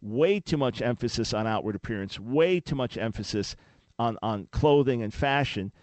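A man's voice: mid-range voice, animated, moderate pace, darkish tone, no echo. A man hosting a call-in radio talk show, speaking in an earnest, preacherly way with emphatic restarts.

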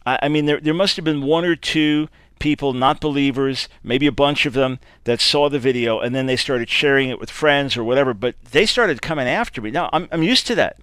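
A man's voice: mid-range voice, fairly quick, hardly any pauses, fairly bright tone, clean tone. A man hosting a radio talk show, speaking emphatically like a preacher, repeating key phrases and often restarting his words. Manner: frequent stammered restarts. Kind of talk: talk radio commentary and answering listener email.

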